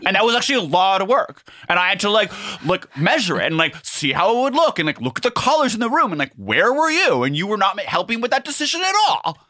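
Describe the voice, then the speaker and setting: A man's voice: sits high, big pitch swings, fast, few pauses, sharp tone, dry recording, studio quality, voice pushed up, full character voice. A man voicing a whiny, fussy boyfriend who complains indignantly that his shopping counts as hard work.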